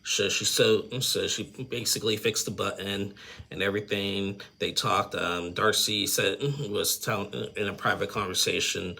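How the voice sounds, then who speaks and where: A man's voice: low voice, little pitch movement, moderate pace, gravelly, sharp tone. A man giving a casual, rambling, opinionated recap of a reality TV episode, full of fillers and little chuckles.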